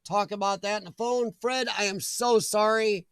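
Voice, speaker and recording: A man with a rather high voice chats casually on his live stream from home. He rambles from topic to topic and greets viewers as he goes. The sound is dry and close, with little room around it. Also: steady tone, moderate pace, a bit bright, clean tone, dry recording. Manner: rambling and chatty, reading out viewer comments. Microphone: desk mic.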